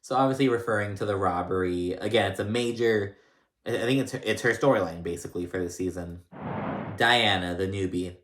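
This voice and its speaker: A man with a fairly low voice talks through a reality show recap in a loose, rambling way, full of "like" and "um". The sound is roomy, with the room echoing around him. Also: animated, normal speed, a bit bright. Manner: rambling, filler-heavy storytelling. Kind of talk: casual recap chat.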